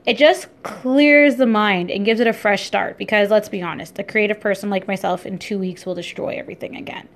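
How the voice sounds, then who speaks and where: A young woman vlogger and entrepreneur talking casually in a daily vlog, upbeat, chatty and easily excited. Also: a little high, fairly quick, hardly any pauses.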